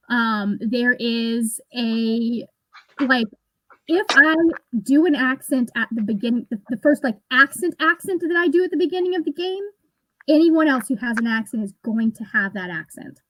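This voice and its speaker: A woman's voice: on the high side, low-quality recording. A woman in her thirties hosting a casual online reading session, rambling and laughing often as she chats. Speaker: booktube host. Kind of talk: casual livestream chat.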